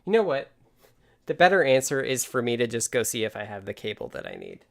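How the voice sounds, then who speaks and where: A man's voice: mid-range voice, wildly swooping pitch, fast talker, vocal fry, fairly bright tone. A man hosting a casual live stream from his home workspace, thinking aloud and explaining things step by step. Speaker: livestream host.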